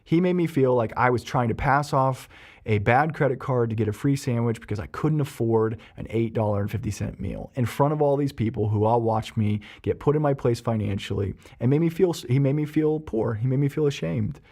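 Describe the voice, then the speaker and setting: A male therapist explains emotions in a relaxed podcast chat. He tells stories with lively rises in his voice and stumbles over restarts and filler words. His voice sits at an ordinary male pitch. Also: a little fast. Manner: animated storyteller, frequent ums and restarts. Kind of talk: explanatory podcast talk with personal anecdote.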